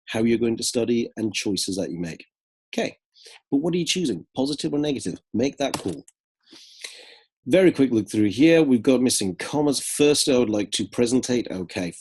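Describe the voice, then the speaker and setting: Man, lowish husky voice, brisk corrective teaching, essay feedback. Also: darkish tone. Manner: brisk, corrective, reads essay lines aloud. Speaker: English writing tutor.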